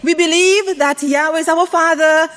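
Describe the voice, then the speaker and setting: Woman preacher with a high voice, questions the congregation, varied delivery. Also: fairly even intonation, normal speed, a bit bright. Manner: call-and-response questions to the congregation; varies pitch widely for emphasis. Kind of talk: sermon to a congregation.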